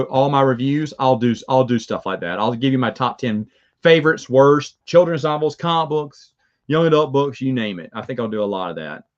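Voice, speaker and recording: With a medium-pitched voice and a Southern accent, a man chats casually live with viewers on his review show, rambling and chuckling as he talks. The audio comes across dull.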